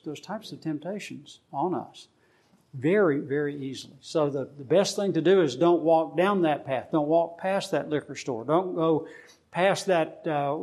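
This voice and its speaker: A man's voice: a little high, a little mellow, slightly rough. A middle-aged man leading a casual group Bible study, teaching in a plain, conversational way with frequent fillers and restarts.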